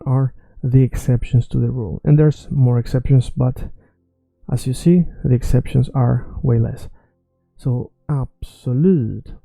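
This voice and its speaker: A man teaching a language pronunciation lesson, repeating words slowly and clearly to model how they sound. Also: medium pitch, mellow, no room sound.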